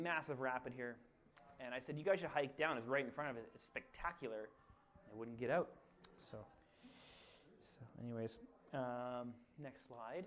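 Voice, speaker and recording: A man giving a casual slide talk to a club, telling a trip story with fillers and frequent laughter, getting loud when he acts out the story. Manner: chatty, laughs often, with fillers and restarts; gets loud and high when acting out the story.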